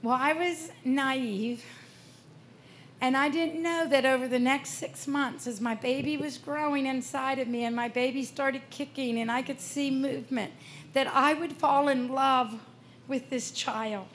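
A woman in her sixties shares her faith story from a festival stage. Her voice sits a little high, and she speaks with earnest, heartfelt sincerity. A faint hum lies underneath. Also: steady tone, unhurried, fairly bright tone. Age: 60s. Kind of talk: personal testimony talk.

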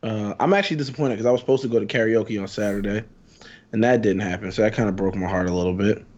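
A man co-hosting a casual podcast, easygoing and quick to laugh. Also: on the low side, a little mellow, highs cut off. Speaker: podcast co-host. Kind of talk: casual chat.

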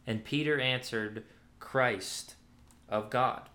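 Casual male Bible teacher, lowish voice, chatty and filler-heavy, roomy echoey sound. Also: measured pace, a bit bright. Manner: conversational, many fillers and restarts. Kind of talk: casual sermon-style teaching.

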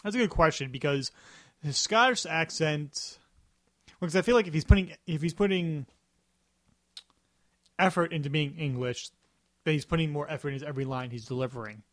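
Male podcast co-host, slightly raised pitch, rambling casual talker, dry recording. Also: brisk, long pauses, fairly bright tone, dry recording. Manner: rambling, with frequent restarts. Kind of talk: casual chat.

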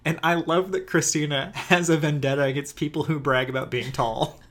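A man's voice: a little high, steady tone, a little fast, a bit bright. A man co-hosting a casual podcast about a film, enthusiastic and laughing often as he acts out lines. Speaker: podcast co-host. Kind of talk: casual film-discussion chat.

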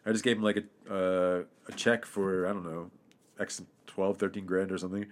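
A man's voice: deep voice, flat delivery, normal speed, slight background noise. A young man co-hosting a podcast, rambling casually with many restarts and some swearing. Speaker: podcast co-host. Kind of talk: casual chat.

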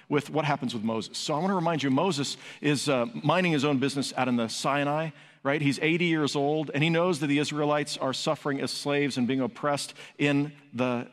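A man preaching a sermon as pastor, emphatic, building to raised peaks and asking rhetorical questions. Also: mid-range voice. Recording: long hall reverb.

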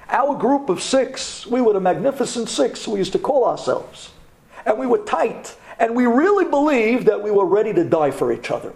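A man who is a rabbi, telling a personal story to a class in a dramatic storyteller's manner, dropping to a hush at tense moments. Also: sits high, gravelly. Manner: animated, dramatic storytelling with sudden drops to a hush.

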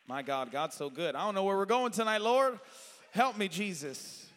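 A man preaching a sermon, animated and shifting between loud shouted praise and soft asides to the congregation. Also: high voice, moderate pace. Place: church sanctuary. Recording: long hall reverb.

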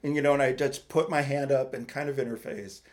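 A man co-hosts a casual podcast and tells a personal story in a halting way. He often restarts his sentences, and his voice sits at an ordinary middle pitch. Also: steady tone. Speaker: podcast co-host.

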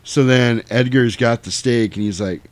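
A man casually retelling a movie plot, animated and swearing, now and then jumping into loud character voices. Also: mid-range voice, normal speed, dry recording. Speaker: podcast host retelling a movie. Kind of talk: casual chat.

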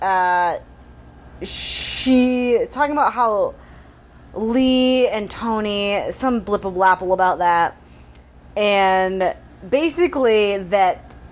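A woman co-hosting a casual podcast, talking through a book plot in a loose, rambling way. She swears freely and keeps reaching for "um" and "like" between thoughts, at an ordinary middle pitch for a woman. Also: slow pace. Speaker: podcast co-host. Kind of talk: casual book-recap chat.

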